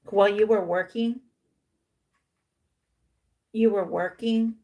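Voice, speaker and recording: Her mid-range, warm voice moves slowly with fairly even intonation. Reading tarot casually, this woman drives points home by repeating them, sprinkles Spanish slang through her English, and performs made-up dialogue for the characters on the cards.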